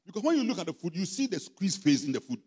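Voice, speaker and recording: A man's voice: high voice, big pitch swings, fast, dark tone, breathy edge. A man with a Ghanaian accent preaching a sermon in a church hall, emphatic and full of call-and-response questions to the congregation. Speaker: pastor. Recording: long hall reverb, faint music behind.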